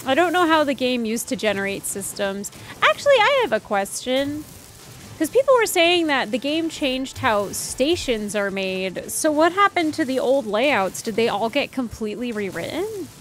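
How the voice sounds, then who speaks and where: A chatty young woman streams a game, her voice sitting a bit high. She rambles through anecdotes with plenty of fillers and easy asides. Faint game music plays softly behind her. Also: sing-song, normal speed. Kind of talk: casual gameplay chat.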